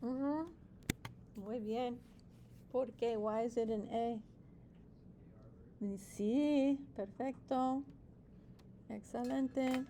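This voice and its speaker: A woman's voice: on the high side, steady tone, very slow, pauses often, warm tone, a little hiss or hum. A woman teaching a Spanish class, explaining step by step, checking in with students and mixing in Spanish praise and playful nicknames.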